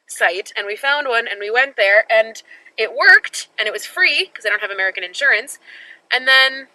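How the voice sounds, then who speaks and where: A woman's voice: a little high, animated, moderate pace, sharp tone, low-quality recording. A young woman vlogging casually from home and then from a car, rambling and laughing at herself. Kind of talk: casual travel vlog.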